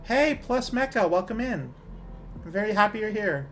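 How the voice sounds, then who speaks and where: Chatty male streamer, higher-pitched voice, rambling and self-amused, soft music underneath. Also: big pitch swings, moderate pace. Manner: chatty, rambling, laughs at own jokes. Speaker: game streamer. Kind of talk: casual game-stream chat.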